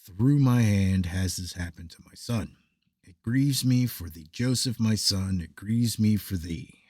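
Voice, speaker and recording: A man reading the part of a grieving old father, lamenting slowly and sinking very soft, in a husky low voice. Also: no echo, clean studio sound. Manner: slow mournful lament, voice dropping very soft. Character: grieving old father, wailing for his son.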